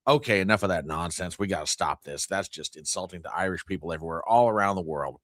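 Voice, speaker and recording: A man's voice: sits low, fast, hardly any pauses, fairly bright tone, no room sound. A man hosting a casual livestream news chat, joking playfully and bantering with viewers in the chat. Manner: playful, self-mocking, banters with live chat. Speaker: host.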